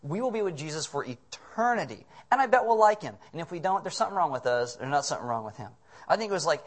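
A man's voice: on the high side, fast. A man preaching a sermon as pastor, telling stories with humor and acting out the voices. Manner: humorous, animated storytelling with acted voices.

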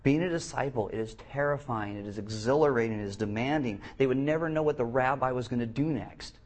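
A man preaching a sermon, animated, reading scripture aloud with emphasis and acting out the quotes. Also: mid-range voice, fairly quick.

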